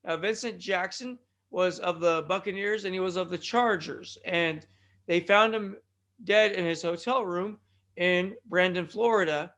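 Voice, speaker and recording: A man's voice: high voice, a little slow, a bit bright. A man from California hosting his own podcast, rambling through jokey asides and calling his listeners folks. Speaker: podcast host. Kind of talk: casual rambling podcast monologue.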